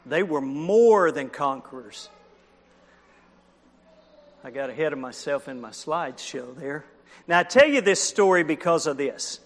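A man's voice: a little high, animated, measured pace, pauses often. A man preaching a children's sermon, telling a story with animation, acting out the characters and asking the listeners questions. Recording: long hall reverb.

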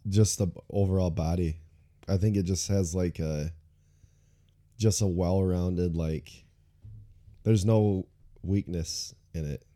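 A man's voice: low voice, fairly even intonation, takes it slowly, long pauses, warm tone. A man co-hosting a casual podcast, tasting beer with friends, swearing freely and reading out ratings. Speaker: podcast co-host.

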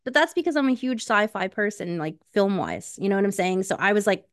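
A woman's voice: mid-range voice, big pitch swings, fairly quick, no echo, clean studio sound. A woman co-hosting a book podcast, talking in a blunt, emphatic and slangy casual way. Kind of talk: casual chat.

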